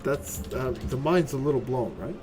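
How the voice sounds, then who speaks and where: A man with a medium-pitched voice and moderate pace casually comments on a game while streaming it. He's profane and excitable, talks to his chat, and keeps tacking "right?" onto his sentences.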